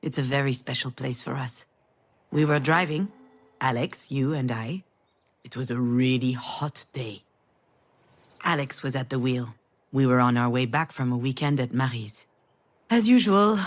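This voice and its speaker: An actress playing a weary middle-aged mother who tells a family memory softly and intimately in a video game. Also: a bass voice, measured pace. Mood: tender. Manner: soft, intimate storytelling. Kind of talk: game voice acting.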